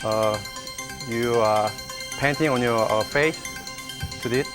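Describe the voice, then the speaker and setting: Halting, very slow male quiz contestant. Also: mid-range voice, music in the background. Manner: halting, many fillers while searching for words. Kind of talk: giving clues in a speed quiz.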